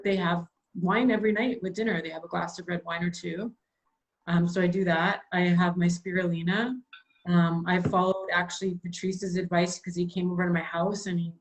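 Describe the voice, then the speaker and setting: A woman's voice: fairly low pitch, rough recording. Gushing chatty woman in her forties. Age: 40s. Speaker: host. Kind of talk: casual video call chat. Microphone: video call.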